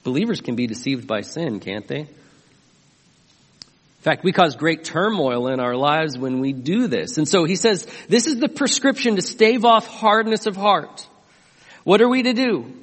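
A man's voice: a little high, lively intonation, normal speed, long reverb tail. A man preaching a sermon as pastor, emphatic and often asking his listeners questions. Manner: emphatic, asks the congregation questions.

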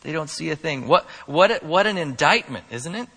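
A man preaching a sermon, moving from quiet, conversational asides to loud, emphatic declarations. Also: fairly high pitch, expressive, normal speed, slightly rough. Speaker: pastor. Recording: long hall reverb.

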